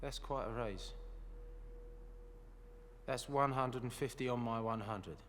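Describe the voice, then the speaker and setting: Eddie, a calm poker player. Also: male voice, mid-range voice, takes it slowly, big-room sound, slight background noise.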